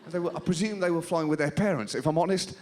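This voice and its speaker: A man hosting a stand-up comedy show, telling a story in an animated, theatrical way on a club stage. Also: a little high, fast. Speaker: host. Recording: live club with loud audience. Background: audience laughing.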